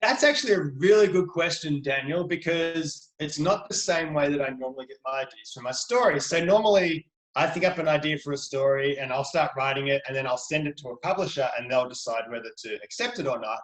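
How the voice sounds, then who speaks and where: A man's voice: on the high side, brisk, few pauses, a bit bright, roomy sound, poor audio. A middle-aged Australian man, a children's book author, chatting eagerly as a guest on a video call. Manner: chatty, enthusiastic, playful. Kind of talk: video call interview for kids.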